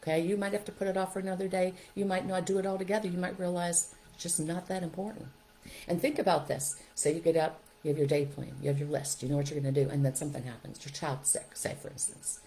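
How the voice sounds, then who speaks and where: A woman's voice: on the low side, steady tone, fast talker, mellow, slight background noise, rough recording. A middle-aged woman hosting a parenting podcast, giving upbeat, coaching advice and often checking in with "okay?" and "right?". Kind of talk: encouraging advice talk.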